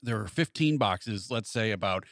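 A man's voice: on the low side, no room sound, clean studio sound. A man co-hosting a podcast, telling a story casually and teasing his co-host. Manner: fast, animated storyteller with teasing asides.

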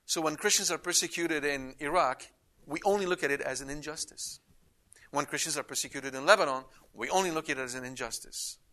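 Bright-voiced man teaching scripture. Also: fairly high pitch, fairly quick. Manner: emphatic, reads scripture aloud with rising intensity. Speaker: Bible teacher. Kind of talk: Bible study lecture.

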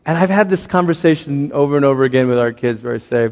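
A man's voice: mid-range voice, quick pace, few pauses, a little mellow, long reverb tail. A man preaching a sermon in a conversational way, acting out little voices as he goes. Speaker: pastor.

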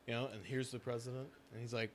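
A man's voice: medium pitch, level tone, fast talker, crowd noise. A man chatting casually and rambling about sports and politics, swearing freely and slipping into mock voices. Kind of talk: casual chat.

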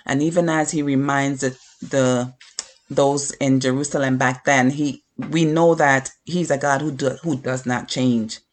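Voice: medium pitch, steady tone, unhurried. A preacher giving an informal devotional sermon, earnest and encouraging, often repeating key phrases. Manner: informal asides with fillers and restarts.

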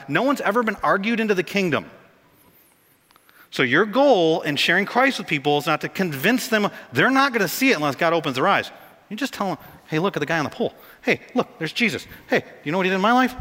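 A man preaching a sermon as pastor, animated and jokey, rising to excited peaks. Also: a little high. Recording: long hall reverb.

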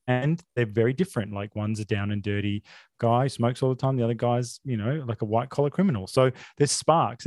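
A man's voice: mid-range voice, darkish tone, no echo. Man, not american, podcast host, opinionated, rambling, lots of fillers, dry close sound. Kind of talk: casual film chat.

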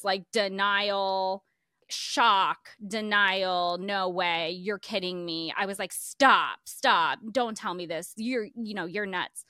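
A woman co-hosting a podcast in casual chat, telling stories in an animated way and laughing often. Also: mid-range voice, no room sound, clean studio sound. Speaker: podcast co-host.

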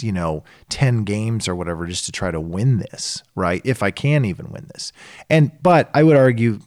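A middle-aged man in a casual podcast chat who tells stories in an animated way and acts out the voices of the people in them. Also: on the low side, dry recording, clean studio sound. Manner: animated storyteller acting out quoted voices. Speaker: podcast co-host.

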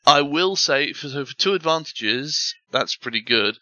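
A man running a tabletop game as game master, his voice very bright. He rambles through scenes with fillers and restarts. The sound is dry and a little muffled. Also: a little high, lively intonation, measured pace, dry recording.

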